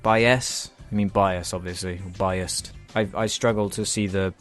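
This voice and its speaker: A man's voice: sits low, steady tone, unhurried, soft background music. Sarcastic sweary British man ranting. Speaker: YouTuber reacting to comments. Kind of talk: sarcastic comment-reply rant.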